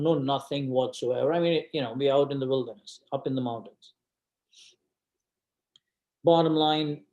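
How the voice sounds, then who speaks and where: Speaking slowly and deliberately, a guest speaker shares a personal story with an audience, leaning on dramatic repetition. His warm voice sits a little high, and a roomy hall echoes around him.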